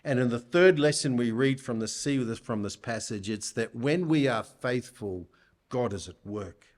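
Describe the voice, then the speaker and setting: A man delivers a church sermon in a medium-pitched voice, speaking deliberately and posing rhetorical questions to his listeners.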